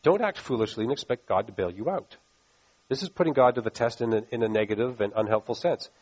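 A man's voice: medium pitch, quick pace, a little mellow, breathy edge, muffled recording. A pastor giving a conversational sermon, asking his listeners questions. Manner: conversational preaching with rhetorical questions.

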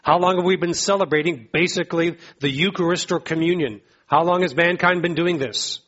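A man preaching a sermon, emphatic and repetitive, rising in pitch when he exhorts the congregation. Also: brisk, fairly bright tone, dull audio. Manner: emphatic, repeats phrases, rises in pitch to exhort. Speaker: pastor.

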